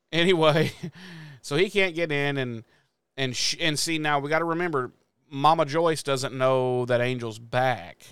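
A man from the American Midwest chats through a TV episode, jumping into the characters' lines as he goes. His voice is smooth and resonant at a middle pitch. The recording is dry, with no room echo. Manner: animated retelling with profanity and acted-out quotes. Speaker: podcast co-host. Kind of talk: casual episode recap chat.

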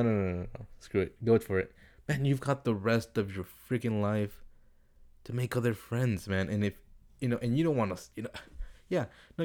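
A young man with a mid-range, darkish voice hosts a casual advice podcast from a home room with a window, street noise drifting in from outside, recorded on a desktop computer setup. Reading listener questions, he rambles, swears, and wanders off topic.

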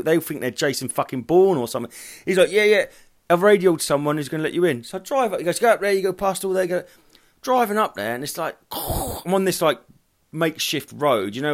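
A man hosting a solo podcast, telling rambling, profane anecdotes in a casual chat style. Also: mid-range voice. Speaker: podcast host.

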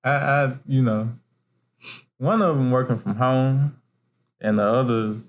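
A man's voice: mid-range voice, measured pace. A man co-hosts a casual podcast chat. He tells his stories in an easygoing, laid-back way. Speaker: podcast co-host.

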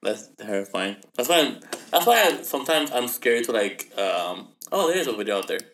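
A man's voice: medium pitch, big pitch swings, brisk, fairly bright tone, slight background noise. A young man co-hosting a podcast in loose casual chat, swearing and laughing often. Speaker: podcast co-host.

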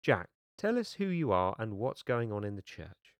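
Brief: a brisk, enthusiastic woman organizer who declares everything, read by a man in a low, dry voice. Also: big pitch swings, no echo. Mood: declaring. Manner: emphatic, declaring.

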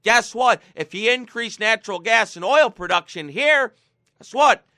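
A man's voice: very high voice, lively intonation, moderate pace, sharp tone, dry recording, clean studio sound. A man hosting a political talk show, ranting sarcastically and mocking his targets. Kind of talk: political commentary.

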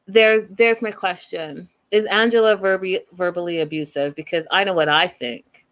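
A woman's voice: fairly low pitch, steady tone, normal speed, fairly bright tone. Blunt, opinionated woman vlogger. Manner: emphatic, blunt, talks straight to "you guys". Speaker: reality TV recap vlogger. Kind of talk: casual opinionated commentary to viewers.

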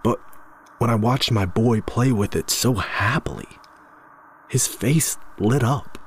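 A man telling a first-person horror story in a measured, somber way, stumbling over a word now and then. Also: medium pitch, a little hiss or hum.

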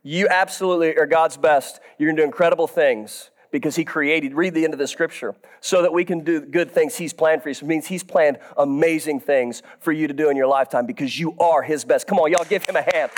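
A man preaching a sermon as pastor, swinging between soft, low stretches and loud, drawn-out shouts in a church. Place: church sanctuary.

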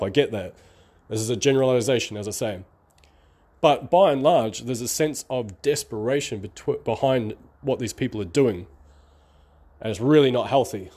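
A man's voice: medium pitch, a little mellow. Middle-aged man, Australian-New Zealand accent, slight lisp, drawls a little; candid, rambling vlogger talking straight to camera. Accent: between Australian and New Zealand. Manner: draws out his speech, rambling and candid. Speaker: online marketing vlogger. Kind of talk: casual talking-to-camera monologue.

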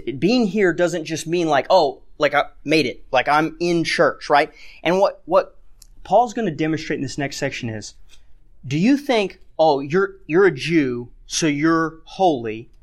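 A man preaching a sermon in a conversational way, often checking in with "right?" and reading scripture aloud with rising emphasis. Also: on the high side. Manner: conversational, keeps asking "right?". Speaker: pastor.

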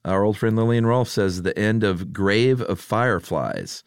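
A man's voice: on the low side, measured pace, clean tone, no echo, clean studio sound. A man co-hosting a podcast in casual chat, dryly joking as he reads out listener submissions. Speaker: podcast co-host.

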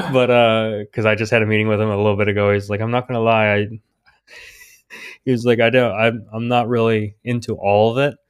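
A man, a guest on a podcast, telling a story in a rambling, animated way and quoting other people's words. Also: lowish voice, clean tone. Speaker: indie comic creator, guest. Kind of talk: casual storytelling interview.

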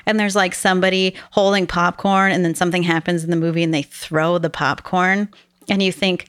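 A woman's voice: lowish voice, a little fast, clean tone, no echo, studio quality. Blunt, laughing young woman podcaster. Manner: blunt, laughs often, animated when retelling stories. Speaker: podcast co-host. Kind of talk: casual chat.

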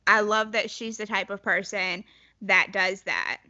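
A young woman in casual chat, a warm, supportive co-host. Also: mid-range voice, fairly even intonation, unhurried, dry recording. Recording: dull dry lo-fi sound.

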